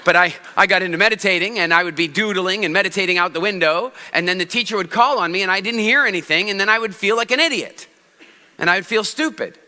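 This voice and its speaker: A man giving a stage talk on public speaking to a live audience, telling animated stories and asking the audience questions. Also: high voice, fast, long reverb tail.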